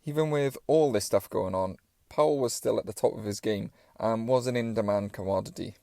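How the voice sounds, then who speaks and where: A man reads a sports documentary script with measured, wry commentary. His voice is low and mellow. The recording is dry, with no room sound. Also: creaky, dry recording. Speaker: documentary narrator.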